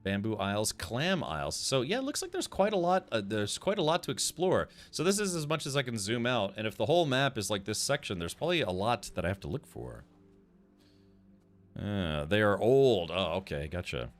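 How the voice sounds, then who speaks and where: A man's voice: lowish voice, sing-song, moderate pace. A man streaming a video game live, chatting casually, rambling and restarting sentences and answering chat as he plays.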